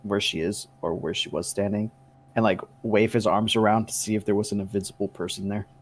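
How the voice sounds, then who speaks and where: Male player, low-ish, laid-back and jokey. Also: fairly even intonation, fairly quick, slight background noise. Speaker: player voicing his character. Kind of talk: tabletop role-play narration.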